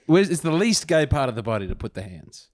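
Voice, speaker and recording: A man's voice: mid-range voice, fairly quick, no echo. Aussie guy on a podcast, voice swings up and down a lot, dead dry mic, loves stirring the pot. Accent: Australian. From Australia. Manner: lively, riffing provocatively. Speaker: guest. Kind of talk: casual comedic chat.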